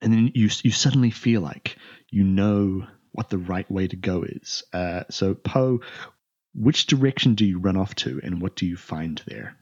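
A man narrating as game master of a tabletop game, halting with many restarts. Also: sits low, breathy edge. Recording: muffled lo-fi recording.

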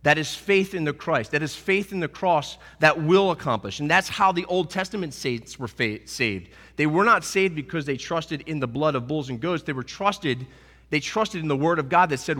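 A man preaches with a bright, forceful voice set slightly high for a man. He talks with earnest energy and acts out quoted lines. His voice rings out with a long reverb tail, as in a large church. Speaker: pastor. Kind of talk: sermon.

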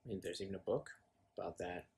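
A man's voice: low voice, quick pace, gravelly, darkish tone. A man chatting as a podcast guest, easygoing and playful. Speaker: guest actor. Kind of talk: casual interview chat.

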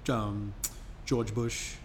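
A man's voice: lowish voice, little pitch movement, extremely slow, slight background noise. A man co-hosting a podcast, explaining at length in casual chat, rambling and restarting his sentences. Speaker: podcast co-host.

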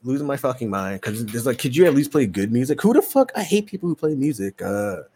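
A podcast host with a husky, medium-pitched voice tells a long story fast in casual chat. He swears freely and animatedly acts out both sides of the conversations.

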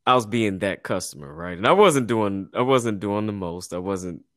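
A man's voice: lowish voice, animated, moderate pace, fairly bright tone, no echo, studio quality. A man hosting a casual podcast, telling stories in a slangy, laid-back way with frequent laughs and restarts. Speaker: podcast host and business owner.

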